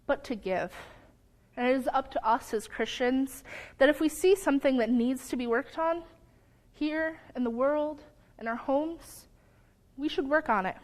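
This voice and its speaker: A young woman giving a sermon in a church, earnest, sometimes stumbling over her words and apologizing, lively when telling a story. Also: high-pitched. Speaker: lay preacher. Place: church sanctuary.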